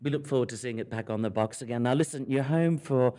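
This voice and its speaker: A woman's voice: a bass voice, quick pace, warm tone. A woman radio presenter asking a guest teasing questions in an interview.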